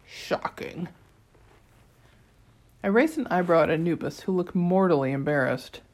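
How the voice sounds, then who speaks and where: A woman's voice: lowish voice, animated, fairly quick, darkish tone. A woman reading an audiobook chapter aloud, telling it in the first person with a dry, wry tone. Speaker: audiobook narrator. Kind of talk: scripted narration.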